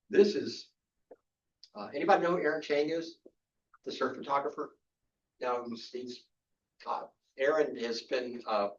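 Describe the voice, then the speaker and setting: An older man talks a camera club through a casual workshop, rambling along with lots of restarts and fillers. He is picked up from well back in the room. The sound is dull and muffled. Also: fairly low pitch. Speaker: photography instructor. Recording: distant, dull room recording.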